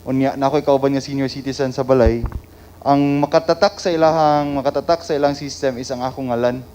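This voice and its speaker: Filipino male councilor, measured and formal, mellow low-bright tone. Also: steady tone. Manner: measured, formal, switches between English and local language. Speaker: city councilor. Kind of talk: council session remarks.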